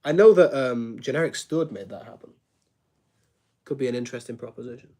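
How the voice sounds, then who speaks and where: A man's voice: mid-range voice, lively intonation, a little fast, mellow. A man chatting casually on a live stream, answering viewers, joking and laughing often and filling his sentences with "like". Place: home studio room.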